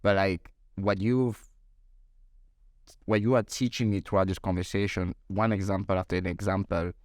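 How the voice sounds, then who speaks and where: A man's voice: deep voice, little pitch movement, normal speed, no echo, studio quality. A man hosting an interview, thinking aloud and searching for his words. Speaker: interview host. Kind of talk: reflective interview talk.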